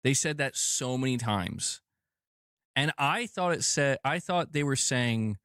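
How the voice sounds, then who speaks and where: A man's voice: mid-range voice, fairly bright tone, no room sound, studio quality. A man talking casually on a livestream, joking and ribbing his chat. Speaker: streamer shown in a clip.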